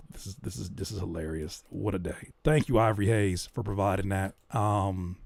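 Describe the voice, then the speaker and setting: A man hosting a casual livestream, reacting to music and joking with chat in an animated way. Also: low voice, moderate pace, gravelly, dry recording. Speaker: livestream host giving music feedback.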